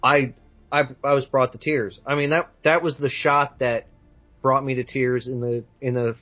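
A man co-hosting a podcast in casual chat, enthusiastic and halting, with frequent restarts. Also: medium pitch, fairly even intonation, highs cut off. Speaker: podcast co-host.

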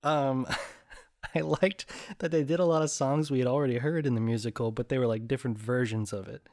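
A woman's voice: a bass voice, fairly even intonation, fairly quick, darkish tone. A woman co-hosting a casual chat, talking in loose, rambling runs. She giggles often and slips into little sung and acted bits. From American South.

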